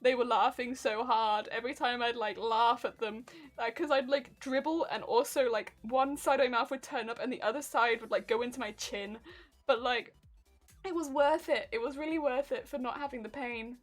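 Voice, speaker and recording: A woman streamer chatting casually with her viewers, telling animated stories and laughing often. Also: a little high, normal speed, soft background music. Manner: reads and answers viewer chat. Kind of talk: casual live-stream chat.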